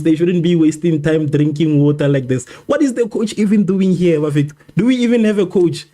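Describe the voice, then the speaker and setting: Talking a little fast with few pauses, a man hosts a live football watchalong in a soft, mellow, slightly high voice. He's exasperated by the game, keeps repeating his complaints, and argues back at people in the chat.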